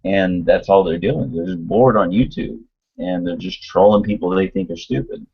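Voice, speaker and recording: A man's voice: deep voice, normal speed, gravelly, slightly rough. A man chatting casually on an online call, rambling with many fillers and restarts. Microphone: computer mic on a video call. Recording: dull lo-fi online call audio.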